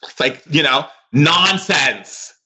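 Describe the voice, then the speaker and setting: Emphatic, bright-voiced male spiritual teacher. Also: fairly high pitch, expressive, slow. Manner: emphatic, repetitive, preacher-like delivery; emotional, effusive. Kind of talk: motivational spiritual talk.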